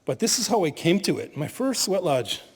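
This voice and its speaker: A middle-aged man giving an animated storytelling talk as a spiritual leader at a conference, laughing at his own stories. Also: high voice, moderate pace, slightly rough. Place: conference hall. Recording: long hall reverb.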